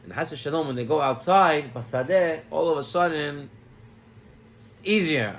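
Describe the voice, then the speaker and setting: A male rabbi delivers a sermon built around a story. He tells it in a lively way, scattering Hebrew terms through his talk, and his voice sits a little high. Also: normal speed.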